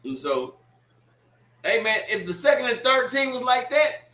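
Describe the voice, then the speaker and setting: Animated man hosting a sports watch party. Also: very high-pitched, unhurried. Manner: animated, laughing, swearing, scolding a commenter. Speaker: watch party livestream host. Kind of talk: casual livestream chat reading comments. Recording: echoey room.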